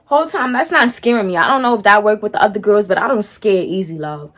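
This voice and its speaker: A young storytime vlogger with a mid-range voice tells viewers a personal story fast, with lively intonation. She's sassy, slangy and dismissive, speaking straight to the audience and repeatedly asking "feel me?".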